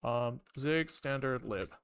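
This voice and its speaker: A man's voice: medium pitch, slow, clean tone. A young man streaming himself programming, chatting casually and swearing freely as he rants and explains code. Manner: chatty, profane, animated ranting. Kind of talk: casual live coding stream chat.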